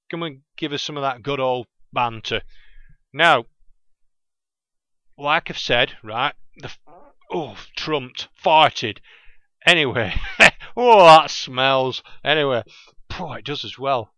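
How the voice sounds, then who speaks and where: Podcast host, Lancashire man, bright clear voice, chatty and rambling, lo-fi dry home recording. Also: mid-range voice, no room sound. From England. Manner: chatty, self-interrupting, loses his train of thought. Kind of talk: casual rambling monologue.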